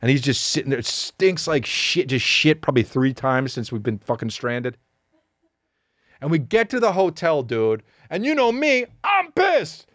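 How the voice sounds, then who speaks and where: A man's voice: fairly high pitch, very animated, moderate pace, a bit bright, no room sound, clean studio sound. A middle-aged man hosting a podcast, telling a comic story with profane, exaggerated delivery. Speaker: podcast host.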